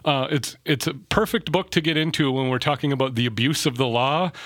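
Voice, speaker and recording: A man's voice: mid-range voice, fairly bright tone, dry recording. Joking pastor, man on a podcast. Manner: joking, quick, repeats words when starting. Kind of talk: casual podcast chat.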